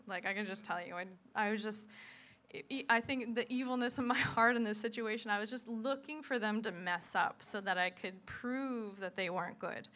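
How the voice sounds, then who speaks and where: Bright-voiced woman telling a lively testimony. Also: on the high side. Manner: animated storyteller, acts out voices, laughs often. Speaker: church speaker. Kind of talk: sermon testimony to a congregation.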